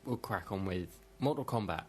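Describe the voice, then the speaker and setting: A man's voice: deep voice, animated, moderate pace, a little hiss or hum. A man with a British accent co-hosting a gaming podcast, running through the news with dry, understated remarks. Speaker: podcast co-host. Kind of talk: casual podcast chat, reading news.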